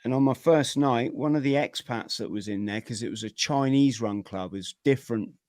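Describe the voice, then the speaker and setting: A middle-aged man, a podcast guest, telling his own story in a vivid, energetic way with plenty of slang. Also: medium pitch, fairly quick, dry recording. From Britain. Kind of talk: personal storytelling in an interview.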